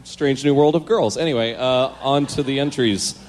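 A man's voice: mid-range voice, normal speed. A man telling a comic story on stage, reading aloud from his old diary with self-mocking chuckles.

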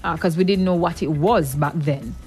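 A woman's voice: fairly low pitch, moderate pace, a little mellow, faint music behind. A woman co-hosting a casual talk show, reasoning things through earnestly and laughing easily. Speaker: co-host. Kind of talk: casual chat.

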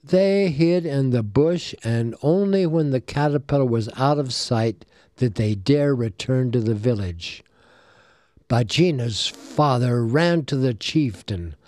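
A man telling a folk tale in storybook narration, animated and voicing the characters. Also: mid-range voice, takes it slowly, no echo. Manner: animated, voices the characters, asides to a listener.

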